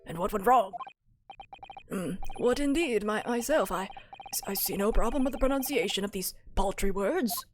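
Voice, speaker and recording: A woman's voice: mid-range voice, animated, normal speed, a little hiss or hum, voice pushed down, lightly acted. A woman voicing a formal, stiff young man in a game, speaking in old-fashioned phrases and tripping over his words. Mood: puzzled. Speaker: streamer voicing game dialogue.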